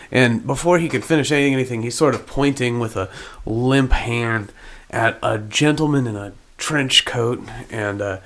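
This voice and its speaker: Mid-pitched man narrating as game master. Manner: loose, filler-heavy narration.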